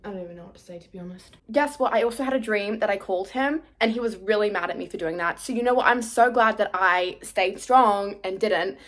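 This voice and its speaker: Talking very fast with few pauses, this young vlogger has a medium-pitched voice. In her casual confessional video, she rambles emotionally, teases herself, and bursts into laughs, recorded in an echoey indoor room with the camera some distance away.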